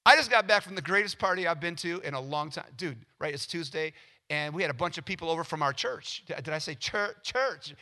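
A man preaching a sermon with a bright, cutting voice pitched a bit high. He is animated and acts out everyday scenes with quick quoted voices. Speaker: pastor.

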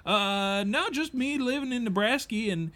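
A man's voice: very high voice, lively intonation, moderate pace, bright, forceful tone, full character voice. An improv performer playing a folksy, bumbling young Nebraska farm boy who stammers and rambles in a put-on rural Midwestern accent. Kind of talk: improvised comedy role-play.

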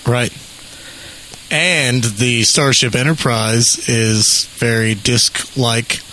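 A man co-hosting a podcast in casual chat, tossing out quick jokes. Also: mid-range voice, steady tone, pushed and bright, a little hiss or hum, low-quality recording. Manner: joking, quick quips. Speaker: podcast co-host.

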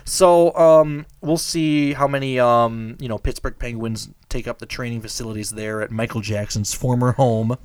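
A man hosting a podcast in casual chat, sarcastic and animated, laughing often. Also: medium pitch, normal speed, few pauses, clean tone, no room sound. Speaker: podcast host.

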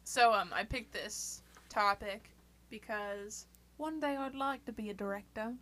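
A young woman co-hosting a casual podcast chat, playful and quick to laugh. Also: mid-range voice, fairly bright tone. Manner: giggly, playful. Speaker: podcast co-host.

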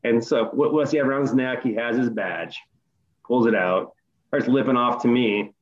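Man, middle-aged, lively profane storyteller, muffled lo-fi sound. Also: mid-range voice, moderate pace. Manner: animated, profane retelling, voice rising in quoted outbursts. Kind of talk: casual chat.

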